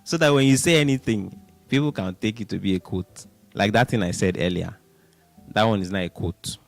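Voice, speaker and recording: A man hosting a radio show, talking casually and with animation, counting things out loud and laughing now and then. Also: fairly low pitch, fairly quick, gravelly, no room sound, soft background music. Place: radio studio.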